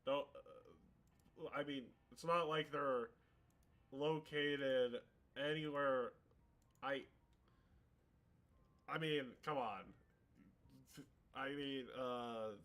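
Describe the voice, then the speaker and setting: Man, game master, casual chat, stammering restarts, bright voice. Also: mid-range voice.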